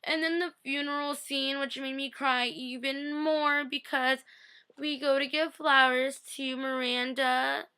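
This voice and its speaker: A woman's voice: high voice, flat delivery, a little slow, bright, forceful tone. A young woman recapping a TV episode for her vlog in a gushing, chatty way, full of "like" and "I was like".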